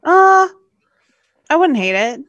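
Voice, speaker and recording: A woman's voice: high-pitched, sing-song, takes it slowly, a bit bright, dry recording, muffled recording. A woman co-hosting a podcast in playful, giggly casual chat. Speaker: podcast co-host.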